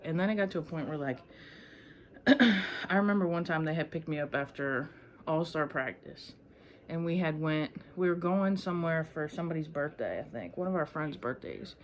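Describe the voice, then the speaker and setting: A young woman talks straight to camera in a loose, rambling storytelling vlog. She swears freely and jumps between memories with a lot of fillers, in an unhurried, chatty flow. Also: low voice. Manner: rambling, profane, animated storytelling. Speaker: vlogger.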